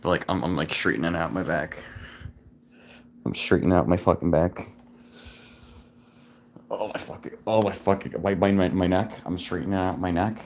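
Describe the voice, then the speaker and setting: Sick, tired man vlogging to his own camera; very low voice, groans and curses, stumbles over his words. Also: steady tone, a little mellow, a little hiss or hum. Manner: groaning, swearing, halting restarts. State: sick and fatigued. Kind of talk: rambling self-recorded vlog. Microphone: self-recording camera.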